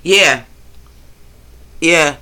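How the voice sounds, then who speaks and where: A man's voice: fairly high pitch, extremely slow, bright, forceful tone, clear, resonant tone. A man hosting a casual livestream on his phone, talking loosely and profanely while answering his chat. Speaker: livestream host.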